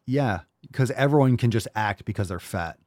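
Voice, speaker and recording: A man rants sarcastically as a podcast host, mocking and swearing, jumping from loud outbursts to low muttering. His pitch swings widely as he talks. The recording is dry and close to the mic. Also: expressive, moderate pace, no room sound. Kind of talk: sarcastic commentary reacting to a read-out article.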